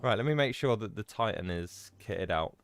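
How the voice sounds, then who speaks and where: A man's voice: fairly low pitch, lively intonation, normal speed. A man streaming a game, chatting casually with viewers in a self-mocking way and swearing freely. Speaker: gaming streamer. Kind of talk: casual live-stream chat.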